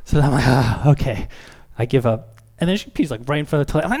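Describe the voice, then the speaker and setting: A man's voice: mid-range voice, expressive, quick pace, a little mellow. A man in his thirties, a pastor preaching a sermon, talking candidly and self-deprecatingly, with playful acted quotes.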